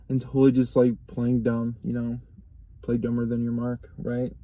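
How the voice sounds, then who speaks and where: A young man casually telling a personal story to the camera, profane and rambling, getting animated when he quotes people. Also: medium pitch, measured pace, dry recording, narrow, tinny audio. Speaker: vlogger.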